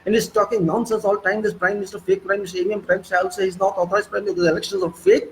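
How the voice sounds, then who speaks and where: A high-voiced man with an Indian accent rants fast and hard in a political monologue. He gets excitable and hammers his points with repetition. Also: slight background noise, low-quality recording. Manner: excitable, ranting, repetitive emphasis. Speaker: political commentator.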